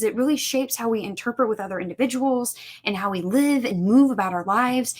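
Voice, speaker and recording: Woman, podcast guest, casual storytelling, animated, acts out dialogue, filler-heavy. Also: mid-range voice. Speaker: podcast guest, suicide prevention instructor.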